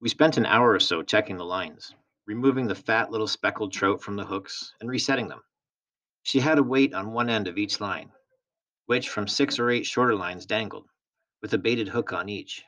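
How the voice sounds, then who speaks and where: A man reading a novel aloud in a steady, plain storytelling manner. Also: fairly low pitch, normal speed. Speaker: reader.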